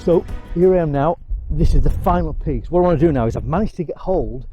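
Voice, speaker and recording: A man's voice: a little high, lively intonation, fast talker, dark tone, soft background music. A man with an English accent, narrating his own vlog outdoors on a hilltop in a chatty way, with many fillers and restarts. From England. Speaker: vlogger.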